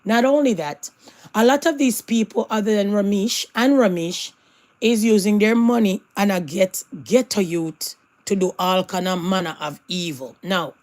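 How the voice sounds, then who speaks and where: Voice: mid-range voice, normal speed. A commentator giving emphatic opinion commentary, repeating points and slipping into patois phrases. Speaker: online commentator.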